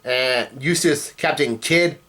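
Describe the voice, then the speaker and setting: Guy vlogging a comic recap, mid-pitched, rambly, lots of ums. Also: measured pace, bright, forceful tone. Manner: rambling with many fillers and restarts. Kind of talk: casual chat reacting to a comic chapter.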